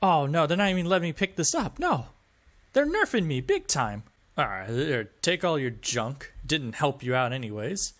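Narrating his gameplay like a casual let's-play commentator, a man reacts as he goes with sarcastic jokes, frequent laughs, and mild swearing. His voice is a bit bright and sits a little high for a man, swinging up and down with lots of animation at a moderate pace.

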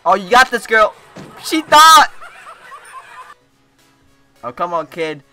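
Excitable teen guy with bright voice. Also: high voice, brisk, faint music behind. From United States. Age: teens. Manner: excitable, laughs often, cheers on clips. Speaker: YouTuber. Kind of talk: casual reaction commentary.

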